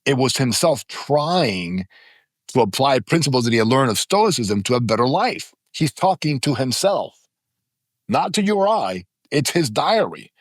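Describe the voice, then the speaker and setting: Very animated yet a little slow, this fifties-aged man's mid-range voice comes through with studio quality and no room sound. As a podcast guest in the studio, he recounts stories with emphasis, bringing their characters to life through quoted voices.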